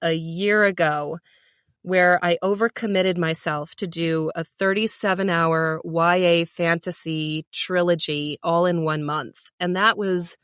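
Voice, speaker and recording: A woman's voice: fairly low pitch, steady tone, a little slow, a bit bright, smooth, no echo, studio quality. A woman who narrates audiobooks, explaining her work in a practical, matter-of-fact way during a casual podcast chat.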